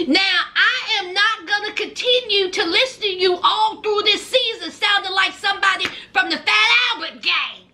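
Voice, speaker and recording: A woman with a Southern twang giving a sassy, animated recap of a reality TV show, calling her viewers honey and baby. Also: extremely high pitch, normal speed, hardly any pauses. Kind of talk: casual recap commentary.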